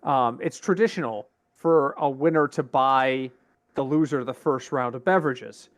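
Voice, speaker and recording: A middle-aged man co-hosting a casual podcast, telling a long story in a chatty, animated way. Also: medium pitch, normal speed. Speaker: podcast co-host. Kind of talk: casual chat.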